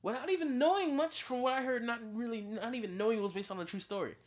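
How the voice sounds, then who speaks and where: Picture a chatty movie reviewer in their thirties talking straight to camera. Their voice sits in an ordinary middle range and leaps suddenly upward when they get worked up. They keep doubling back, stumbling over words and starting over mid-thought. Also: quick pace. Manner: excitable, with big pitch jumps and frequent restarts. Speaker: movie reviewer, channel host. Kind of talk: casual spoken film review.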